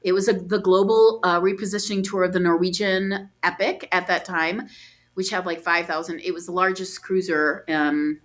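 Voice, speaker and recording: A woman on a podcast as a guest, telling a story with animated, acted-out dialogue and frequent laughs. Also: moderate pace. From United States. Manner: acts out quoted dialogue with big pitch jumps, laughs often.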